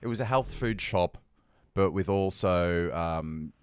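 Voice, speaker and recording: A man co-hosting a podcast, telling an animated story and acting out the people in it. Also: low-pitched, takes it slowly, clear, resonant tone, dry recording, clean studio sound. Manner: animated storyteller, acts out quoted voices. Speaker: podcast co-host. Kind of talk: casual chat, storytelling.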